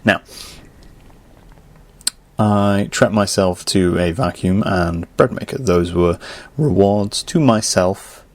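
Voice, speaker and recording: A young man hosting a podcast, ranting casually and swinging from low muttering to loud exasperated outbursts. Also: slow pace, long pauses, no room sound. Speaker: podcast host.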